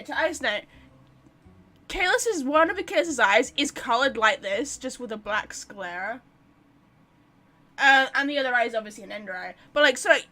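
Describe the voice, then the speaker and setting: A woman streamer giving casual, rambling game commentary, excitable and full of fillers. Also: high voice.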